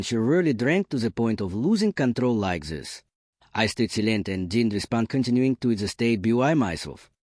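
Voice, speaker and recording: A man calmly narrating a first-person story in an even storytelling manner. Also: lowish voice, no echo, studio quality.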